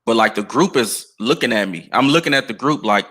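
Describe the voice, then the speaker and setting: A man's voice: medium pitch, lively intonation, a little fast, a bit bright. An American man chatting casually on a podcast, telling stories in a laid-back, slangy way. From United States. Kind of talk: casual chat.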